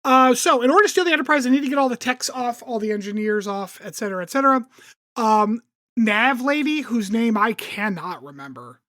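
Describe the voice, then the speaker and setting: A woman co-host recaps the story in casual chat, full of ums and likes, slipping into quick impressions of the characters. Her voice sits a bit high. The sound is close and dry. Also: animated, a bit bright, dry recording. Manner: chatty recap with lots of um and like, acts out characters' lines. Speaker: podcast co-host summarizing the episode.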